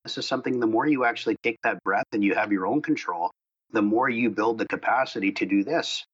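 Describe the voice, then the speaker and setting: A man co-hosting a casual podcast discussion, talking in a relaxed conversational way. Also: lowish voice, fairly quick, breathy edge, highs cut off. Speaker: co-host.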